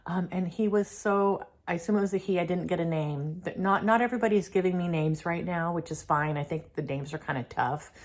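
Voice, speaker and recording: Brief: casual, talkative woman host with a low voice, relaxed spiritual chat. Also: fairly quick, hardly any pauses. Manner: chatty, filler-heavy, laughs often. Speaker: spiritual channeler and vlog host.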